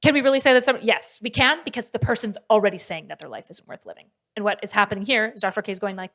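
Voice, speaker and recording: Woman, livestream commentary, animated, argumentative, quick bursts. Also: medium pitch. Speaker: streamer reacting to videos.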